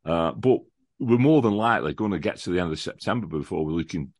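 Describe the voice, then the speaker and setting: Talking fast and animatedly in a low voice with no echo, this podcast guest, a lifelong follower of the visiting team, offers an excited, casual football preview. He keeps stumbling into restarts and repeated words.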